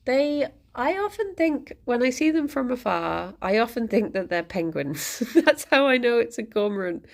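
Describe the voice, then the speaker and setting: A woman's voice: on the high side, big pitch swings, normal speed, creaky, few pauses. A woman streaming from home, chatting in a rambling, easygoing way and often breaking into laughter. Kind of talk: casual chat to a live stream.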